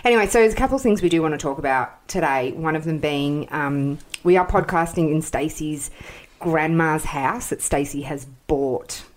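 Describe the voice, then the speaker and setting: Low-voiced Australian woman hosting a podcast. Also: moderate pace. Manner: chatty, laughs easily, animated. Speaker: podcast host. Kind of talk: casual chat. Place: a house.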